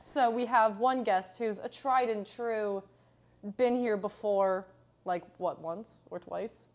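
A woman's voice: medium pitch, slow pace. Woman in her twenties, giggly, playful, jokey podcast co-host, casual chat. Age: 20s.

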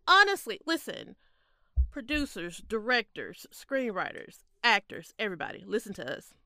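Animated woman, bright and lively. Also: mid-range voice, a little slow, no room sound, studio quality. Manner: animated, laughs often, emphatic. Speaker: podcast co-host. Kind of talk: casual chat.

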